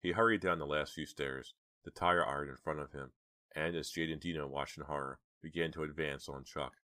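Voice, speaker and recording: This horror audiobook features a male narrator with an extremely deep voice reading at a measured, even pace. The close, dry recording carries no room sound.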